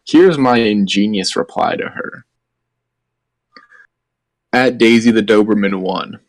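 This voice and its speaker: A man's voice: on the low side, takes it slowly, no echo. A man co-hosting a casual comedy podcast, crude and joking, swearing often. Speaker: podcast co-host.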